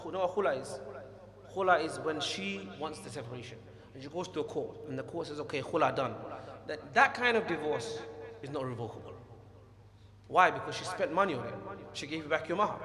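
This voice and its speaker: In an echoey hall with long reverb, a man with a slightly high voice teaches an Islamic lesson to a class. He's animated and scolding, acts out quotes, and takes questions.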